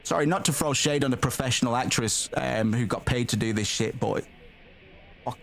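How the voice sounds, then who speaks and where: A man's voice: mid-range voice, moderate pace, gravelly, slight background noise. A man streaming a game, reading its text aloud and chatting bluntly, swearing freely and calling the audience "man" and "bro".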